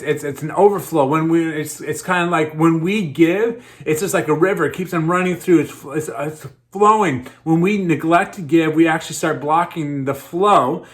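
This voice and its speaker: Chatty male pastor preaching. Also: a little high. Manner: conversational, repeats words when starting sentences. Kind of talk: sermon.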